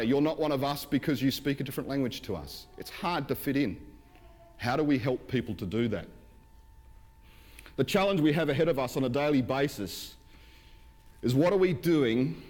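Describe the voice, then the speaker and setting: A man's voice: mid-range voice, darkish tone. A man with an Australian accent preaching a sermon as the church's pastor, in an earnest, conversational way that is full of rhetorical questions. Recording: reverberant church hall.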